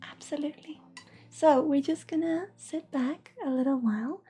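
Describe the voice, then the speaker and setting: A woman with a Swedish accent hosting a livestream as an intuitive reader, talking softly and often half-whispering, affectionate with viewers. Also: high-pitched, normal speed, soft background music. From Sweden.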